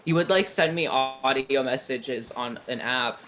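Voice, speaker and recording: A woman's voice: extremely low pitch, unhurried, a bit bright, faint music behind, low-quality recording. A woman on a voice call, joking and laughing with friends while gaming. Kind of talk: casual gaming chat.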